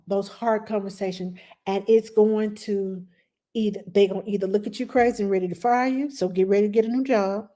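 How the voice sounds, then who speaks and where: Passionate woman nanny, mellow voice. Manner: passionate, animated, acts out quotes in a high voice. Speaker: nanny giving advice. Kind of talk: casual advice talk.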